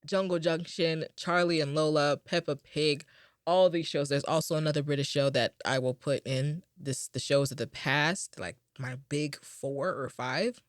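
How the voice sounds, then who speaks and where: A young female podcast host speaks in a deep, slightly slow voice, recorded dry with studio clarity. Her casual chat is rambling and upbeat, full of filler words, with a hint of fatigue.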